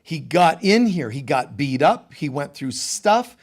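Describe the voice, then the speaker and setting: Middle-aged male spiritual teacher, high voice, relaxed sermon delivery with joking asides. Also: measured pace, slightly rough. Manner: conversational, animated, jokey asides.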